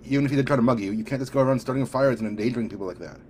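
A man's voice: racing, a little mellow, a little hiss or hum, lightly acted. A man voicing a determined young superheroine in an audiobook reading, talking firmly and scolding with a raised voice. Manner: firm, scolding, raised pitch.

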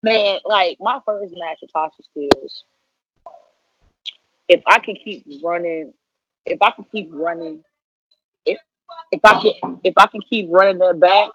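A woman's voice: lowish voice, unhurried, long pauses, fairly bright tone, no echo. A woman in her thirties, a professional wrestler, chatting casually and playfully in an interview, full of slang. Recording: dull lo-fi audio.

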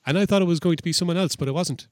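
Animated, sweary man with a lifted voice. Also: fairly high pitch, very fast, no room sound, clean studio sound. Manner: animated, swearing, acts out quotes. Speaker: podcast co-host. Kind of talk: casual chat recapping wrestling.

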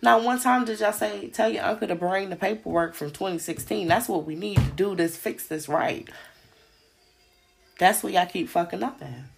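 Fiery gravelly woman ranting on a podcast. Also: medium pitch, normal speed, soft background music. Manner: profane, heated, repeats rhetorical questions. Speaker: podcast host. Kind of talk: ranting monologue.

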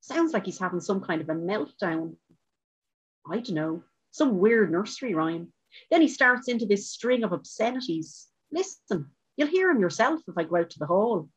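A woman's voice: mid-range voice, big pitch swings, moderate pace, slightly rough, dull audio. A woman voicing a blunt, hot-headed woman. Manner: blunt, sharp-tongued. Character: hot-headed petite young Irish woman.

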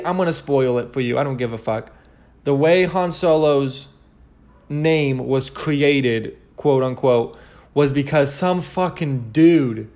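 A man's voice: medium pitch, darkish tone. A young man hosting a casual solo podcast, rambling and cursing with many restarts as he rants animatedly. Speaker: podcast host.

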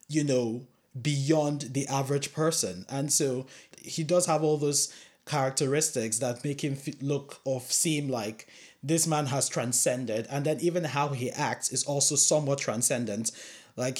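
Brief: male podcast co-host, analytical, relaxed chat. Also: medium pitch, a little slow. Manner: analytical, loose, with fillers. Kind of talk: casual film discussion.

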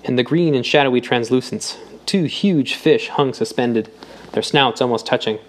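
A man narrates an audiobook at a measured, even pace. His voice sits at an ordinary middle pitch. He reads steadily through the prose.

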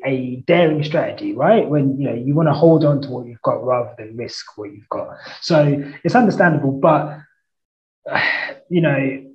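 Podcast host, slow talker, halting, restarts sentences, slightly muffled lo-fi sound. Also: medium pitch. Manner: unhurried, halting, restarts phrases, laughs often. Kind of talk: casual chat about motor racing.

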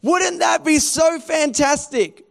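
High-voiced man preaching. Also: takes it slowly, gravelly, fairly bright tone. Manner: conversational preaching with rhetorical questions and restarts. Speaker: pastor. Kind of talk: sermon.

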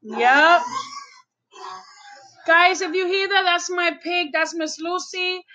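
High, bright-voiced woman telling funny stories. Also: slow pace, low-quality recording. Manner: animated storytelling, quotes a funny guy loudly. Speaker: vlogger talking to viewers. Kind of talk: casual chat on a call.

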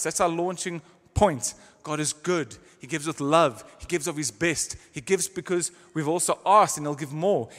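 A man preaching a sermon in a church, stressing words by slowing down and changing his volume. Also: high-pitched, fairly bright tone. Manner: emphatic, varies pace and volume for stress. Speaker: pastor. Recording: long hall reverb.

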